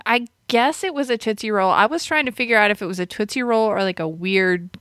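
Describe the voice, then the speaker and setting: A woman's voice: mid-range voice, brisk, a bit bright, no echo, clean studio sound. Chatty woman host rambling casually. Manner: chatty, laughs often, rambling with restarts. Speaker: radio and podcast host. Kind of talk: casual chat about a movie.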